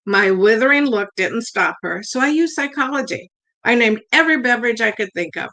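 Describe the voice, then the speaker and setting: Bright older woman reading her humor piece. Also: a little high, lively intonation, rough recording. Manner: measured reading, acting out quoted dialogue. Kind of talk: reading a humorous personal essay aloud.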